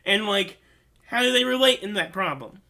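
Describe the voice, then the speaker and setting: A man with a high, bright voice talks through his favorite films in a loose, rambling vlog. He says "like" constantly and wears his feelings openly. His tone stays earnest and sincere. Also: lively intonation, normal speed. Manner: rambling, heavy use of "like", earnest and emotional. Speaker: host. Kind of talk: casual movie review vlog.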